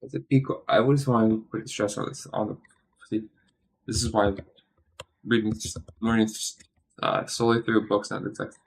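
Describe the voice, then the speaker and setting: A man thinking aloud while studying, hesitant and questioning himself, often trailing off into a quiet mutter. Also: on the low side, steady tone, moderate pace, vocal fry, slightly rough. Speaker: streamer studying Italian.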